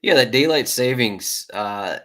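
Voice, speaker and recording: A man hosting a sports betting podcast, talking in a relaxed, chatty way with many restarts. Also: medium pitch, unhurried. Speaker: podcast host. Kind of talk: casual chat.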